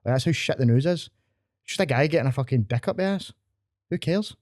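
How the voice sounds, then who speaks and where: A man's voice: mid-range voice, animated, quick pace, a little mellow, no room sound. A man with a Scottish accent, a stand-up comedian telling stories and trading crude, swearing banter as a podcast guest in a studio.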